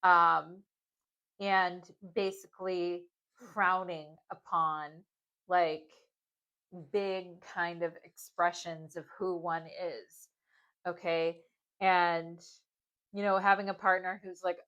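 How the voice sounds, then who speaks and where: A woman's voice: on the low side, slow, a bit bright, muffled recording. A woman giving a casual pick-a-card tarot reading, talking in loose, rambling sentences full of "like" and "um" and often checking in with "okay?". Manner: rambling, filler-heavy, keeps asking "okay?". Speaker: tarot reader.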